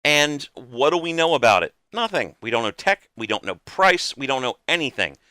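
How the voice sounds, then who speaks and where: A man's voice: medium pitch, big pitch swings, moderate pace, sharp tone, dry recording, studio quality. A man hosting a podcast, talking in an earnest, emphatic way and swearing casually. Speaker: podcast host.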